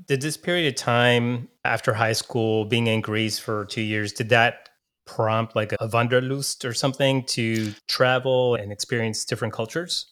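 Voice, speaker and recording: A man narrating and asking interview questions in a plain, measured way. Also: medium pitch, steady tone, a bit bright, clean tone, dry recording, studio quality.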